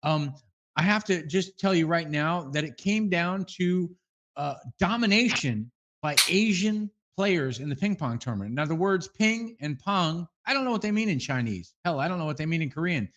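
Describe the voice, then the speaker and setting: A man's voice: on the high side, expressive, normal speed, a bit bright. A man co-hosting a comedy fake-news segment, rambling through mock-earnest reports and laughing between lines. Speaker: co-host of a comedy news parody.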